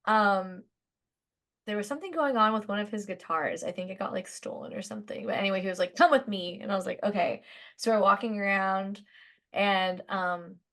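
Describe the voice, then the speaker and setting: A woman's voice: medium pitch, fairly quick. Chatty woman telling backstage stories. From Southern California. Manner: chatty, animated, lots of "like", laughs while telling stories. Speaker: guest musician. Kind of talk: casual podcast storytelling.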